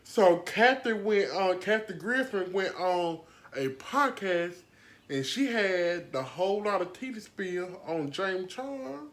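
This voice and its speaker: A woman's voice: on the low side, expressive, slow. Sassy gossip-podcast woman. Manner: sassy, slangy, laughs often. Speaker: podcast host. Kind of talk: casual celebrity gossip chat.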